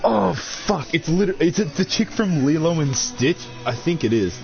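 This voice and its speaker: A man's voice: on the high side, expressive, normal speed, creaky, darkish tone. A young man, chatting casually and crudely while unboxing, swearing a lot and calling everyone dude and bro. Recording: dull lo-fi audio with faint music.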